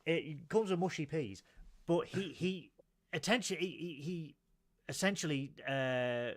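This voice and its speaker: A man's voice: on the high side, expressive, a loud crowd. A man co-hosting a casual comedic review podcast, joking and stumbling through his explanations over a video call. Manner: joking, halting restarts while explaining. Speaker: podcast co-host.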